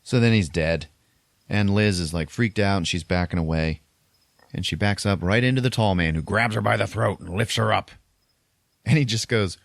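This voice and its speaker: A man hosting a podcast and recapping a horror film in a casual way, animated and laughing often. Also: lowish voice, normal speed, gravelly, no room sound, clean studio sound. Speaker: podcast host.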